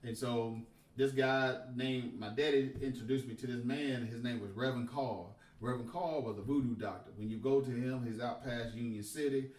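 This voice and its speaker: A man spins a profane, emphatic tale, leaning hard on the punchlines. His voice sits at an ordinary pitch. He sounds a little off-mic, in an echoey room. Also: normal speed, few pauses. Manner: animated, profane, emphatic retelling. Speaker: podcast storyteller. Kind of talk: casual storytelling. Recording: roomy and distant from the mic.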